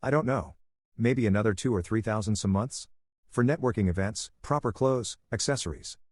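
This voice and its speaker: A man's voice: lowish voice, normal speed, darkish tone, dry recording, studio quality, lightly acted. A man reading a defensive, evasive mother. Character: defensive middle-aged mother who favors her daughter.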